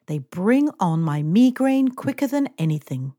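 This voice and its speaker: A woman's voice: medium pitch, big pitch swings, unhurried, warm tone, dry recording, clean studio sound. A woman reading aloud, voicing a languid, fussy wealthy middle-aged lady who complains and gives orders to her employee. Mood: languid, complaining. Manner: languid and complaining, a little imperious.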